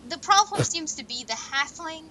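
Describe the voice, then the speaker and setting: Eine Frau spielt ein Tischrollenspiel mit und redet locker, stockend und mit vielen Ähs. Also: female voice, very high voice, lively intonation, normal speed, crowd noise, poor audio. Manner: hesitant, stammering, with laughs. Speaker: player. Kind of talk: casual chat at a tabletop game.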